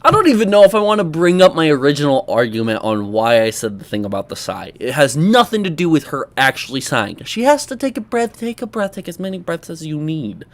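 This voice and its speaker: A young man hosting a reaction commentary, his voice a little high for a man and swinging widely in pitch. He talks in an animated, exclaiming way, with sarcastic asides to his viewers. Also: a little fast, few pauses. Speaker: commentary host.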